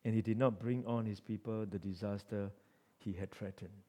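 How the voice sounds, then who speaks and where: A male pastor with a lowish voice preaches a sermon at normal speed with fairly even intonation, reading scripture aloud. He swings between forceful emphasis and quiet asides, posing rhetorical questions to the congregation.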